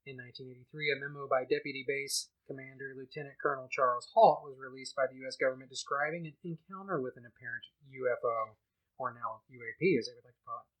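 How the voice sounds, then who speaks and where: A podcast host reading a news article aloud in an exaggerated put-on Cockney accent, hamming it up as a mock newsreader. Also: male voice, mid-range voice, quick pace, highs cut off, lightly acted. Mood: hammy.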